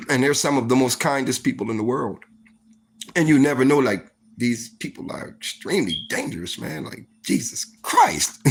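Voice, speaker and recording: Speaking straight to the camera, a storytime vlogger spins a casual tale, animated, his slightly high pitch leaping all over. He's loose and profane, leaning on "like" and "you know."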